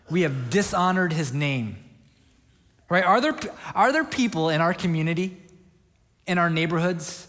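A male pastor preaching a conversational sermon with a Midwest American accent. He repeats phrases and asks the congregation questions. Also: fairly high pitch. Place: church sanctuary. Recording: long reverb of a large hall.

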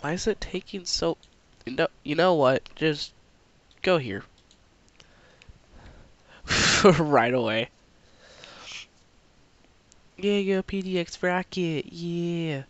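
A man's voice: a little high, lively intonation, slow, pauses often, no room sound, muffled recording. A young man with a stuffy cold, casually commenting on his own gameplay as a channel host, chatty and self-mocking. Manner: chatty, self-mocking, talks to himself while playing.

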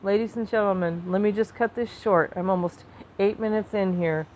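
A woman talking to camera in an emotional personal monologue, impassioned, restarting and repeating herself, flaring into anger and then softening. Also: mid-range voice, fairly even intonation, normal speed, muffled recording. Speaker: vlogger.

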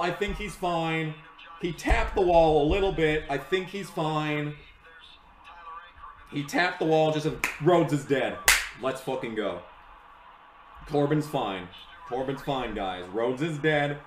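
A young man giving live reaction commentary to a race, excitable and swearing, yelling at the screen. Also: on the high side, slow, pauses often, echoey room, slight background noise, low-quality recording.

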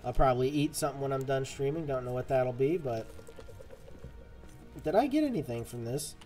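A man's voice: medium pitch, animated, a little fast, mellow, soft background music. A man streaming a game, chatting casually and rambling to his viewers as he plays. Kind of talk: casual gameplay commentary.

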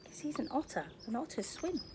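An older woman with a high, very animated voice reads a picture book aloud to children in an outdoor garden, speaking briskly over a noisy background with faint birdsong. She plays a grandmotherly storyteller, chatty and sing-song, and often asks her listeners questions.

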